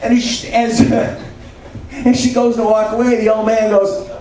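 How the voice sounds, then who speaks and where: On stage at a comedy club, a man in his seventies mocks himself in a meandering stand-up routine. His high voice is dark in tone, flat in delivery and measured in pace, and a distant mic catches the room's echo and the crowd's laughter.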